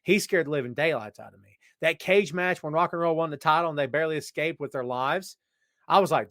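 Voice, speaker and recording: A man hosting a podcast and answering listener questions in casual, rambling chat that jumps to loud excitement. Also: a little high, fairly quick, dry recording, clean studio sound. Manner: animated, jumps to shouting when excited; rambling, frequent restarts.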